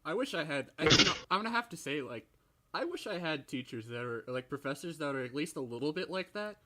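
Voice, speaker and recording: A young man on a podcast, casually chatting in a halting way with frequent restarts. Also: a little high, lively intonation, heavy background noise. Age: young adult. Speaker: podcast co-host, college student. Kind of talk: casual chat.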